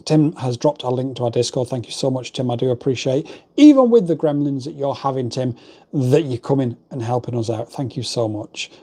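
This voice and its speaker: A man's voice: medium pitch, expressive, brisk, warm tone. Chatty man hosting a livestream. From England. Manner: chatty, rambling, reads out chat messages. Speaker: livestream host. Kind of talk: casual livestream chat reading viewer comments. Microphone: desk microphone.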